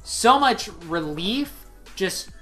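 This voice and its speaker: A young woman vlogger tells a story in a bright, forceful voice. Her pitch sits in an ordinary middle range. She talks in an excitable, rambling way and leans on "like" as a filler. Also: takes it slowly, faint music behind. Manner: excitable, rambling, heavy use of 'like'. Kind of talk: casual storytelling.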